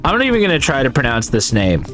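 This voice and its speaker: A man hosting a gaming video, chatting casually and jokingly as he plays, sometimes yelping loudly. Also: medium pitch, huge pitch swings, fast, soft background music. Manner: upbeat and jokey, bursts into loud yelps. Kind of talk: casual gameplay commentary.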